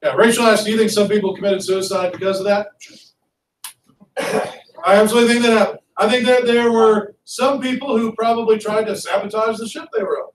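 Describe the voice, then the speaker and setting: A male history teacher lecturing a class in a lively, conversational way and asking students questions. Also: high voice, brisk, a little hiss or hum. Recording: echoey classroom from far off.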